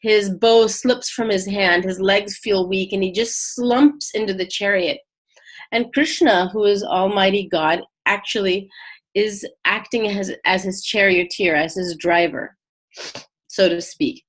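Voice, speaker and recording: A woman's voice: medium pitch, measured pace. A woman teaching a casual spiritual lesson, talking conversationally with many fillers and restarts as she retells a story.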